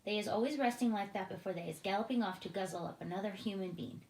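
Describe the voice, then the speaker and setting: Brief: gentle friendly male giant who mangles words, storybook read-aloud, done by a woman, echoey room. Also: medium pitch, fast talker, close to an everyday voice. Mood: eager. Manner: jumbled grammar, made-up words. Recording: roomy echoing room.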